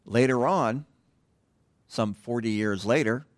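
Middle-aged male pastor, relaxed conversational sermon, rambly asides, trails off quietly, dry close sound. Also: mid-range voice, slow, no echo. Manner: digressive, drops to a hush at phrase ends. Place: church.

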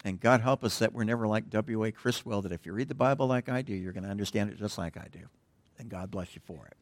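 Middle-aged male pastor, relaxed conversational sermon, rambly asides, trails off quietly, dry close sound. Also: lowish voice, quick pace, no echo. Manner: digressive, drops to a hush at phrase ends. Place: church.

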